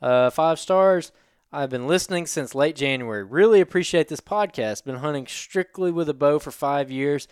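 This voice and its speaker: A man's voice: a little high, moderate pace, clean tone, no room sound, clean studio sound. A man from Alabama with a Southern accent co-hosting a podcast, joking and reading listener reviews. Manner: jokey, laughs easily, reads listener reviews. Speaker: podcast co-host. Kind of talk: casual podcast chat.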